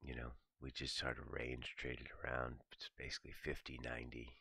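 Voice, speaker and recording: A man with a gravelly, very deep voice delivers a morning market commentary in a relaxed, profane, stream-of-thought manner. The recording is dry, with no room sound around him. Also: fairly quick, no echo. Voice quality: gravelly, very low voice. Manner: casual, profane, thinking aloud. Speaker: trading commentator.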